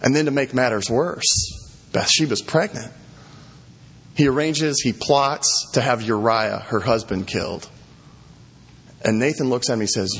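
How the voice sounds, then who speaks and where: A man's voice: medium pitch, creaky, a bit bright, slightly rough, in a large hall. A man preaching, retelling a scripture story in a casual, rambling way with fillers and restarts, then reading a psalm aloud.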